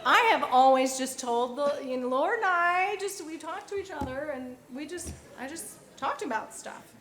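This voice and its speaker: A woman at a youth convention giving an earnest personal testimony that turns soft and quiet at its key points. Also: high-pitched, moderate pace. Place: large convention hall. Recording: echoey hall.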